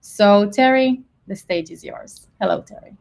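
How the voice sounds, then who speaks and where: Woman, webinar host, friendly, welcoming, medium pitch, video call. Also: unhurried, creaky, a little mellow. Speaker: product marketing manager, webinar host. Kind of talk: live webinar hosting.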